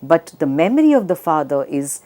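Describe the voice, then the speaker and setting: Low-voiced woman professor lecturing. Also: sing-song, mellow. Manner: measured, many fillers, reads verse lines slowly. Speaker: literature professor. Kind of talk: academic lecture on a poem.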